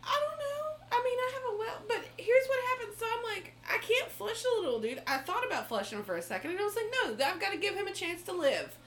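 A woman co-hosting a podcast, telling a story in a casual, animated way with frequent laughs and swearing. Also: extremely high pitch, fast talker, hardly any pauses. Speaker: podcast co-host.

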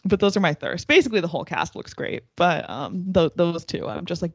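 A woman's voice: lowish voice, lively intonation, a little fast, vocal fry, breathy edge, dry recording, lo-fi sound. A woman co-hosting a podcast in casual chat, giggling often and filling her speech with "like". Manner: giggly, lots of "like" fillers. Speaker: podcast co-host.

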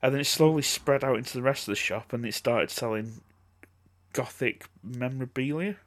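A man's voice: medium pitch, moderate pace. A man co-hosting a podcast, reminiscing in laid-back casual chat. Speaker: podcast co-host.

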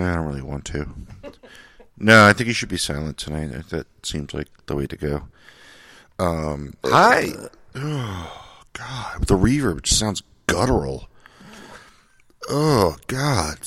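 A man's voice: deep voice, lively intonation, unhurried, long pauses, fairly bright tone, no room sound. A man hosting a podcast in casual chat, sardonic and profane, rambling with lots of fillers. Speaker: podcast host. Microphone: studio microphone.

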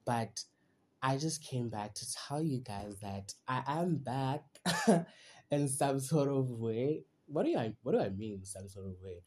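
A man's voice: mid-range voice, animated, a little slow, a little mellow, breathy edge. A young man, hosting a solo podcast in a chatty, heartfelt way and rambling with lots of "you know" and "like". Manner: rambling, disconnected thoughts. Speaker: podcast host. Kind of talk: casual solo podcast monologue.

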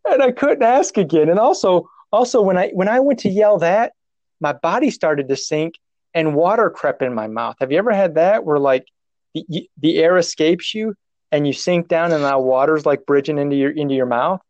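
A man's voice: a little high, lively intonation, normal speed, darkish tone, no room sound, highs cut off. A man telling a personal story in casual conversation, rambling and self-mocking, restarting his sentences and laughing at himself.

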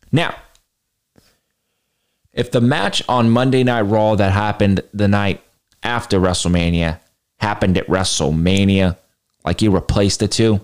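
Blunt slangy man ranking wrestling matches. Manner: blunt and animated, slangy, mocks critics in a higher voice. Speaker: podcast host. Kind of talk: casual podcast ranking rant.

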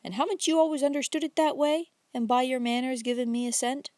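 A woman voicing an earnest young man courting his sweetheart, speaking low and hushed with quiet insistence. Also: quick pace, dry recording. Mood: earnest pleading.

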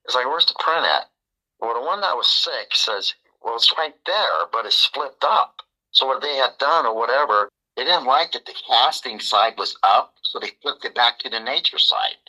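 A man, a podcast guest, telling a story in a casual, animated way and acting out the dialogue. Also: medium pitch, moderate pace, poor audio. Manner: animated, acts out quoted dialogue.

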